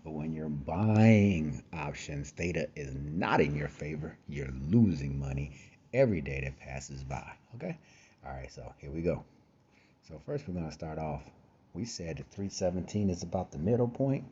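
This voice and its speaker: A man's voice: a bass voice, animated, normal speed, warm tone, highs cut off, a little hiss or hum. A man hosting a casual screen-share trading tutorial, talking conversationally with frequent fillers and repeated phrases, a little tired. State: tired, yawning. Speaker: trading course host.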